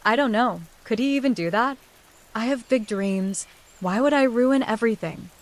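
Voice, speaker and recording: A woman's voice: a little high, normal speed, lightly acted. A woman reading as a frightened young woman. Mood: defensive. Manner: insistent, protesting innocence.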